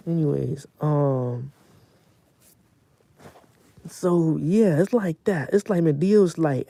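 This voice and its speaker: A young man streaming casually from home, venting in a profane, animated rant. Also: a little high, extremely slow, gravelly, pauses often, no room sound.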